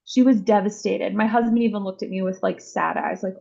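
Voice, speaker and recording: A woman in her thirties tells a parenting story in an earnest, searching way, pausing on ums and restarting her sentences. Her voice carries a gravelly fry. The recording is slightly muffled and lo-fi. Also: medium pitch, fairly even intonation. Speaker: guest mother. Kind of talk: casual podcast storytelling.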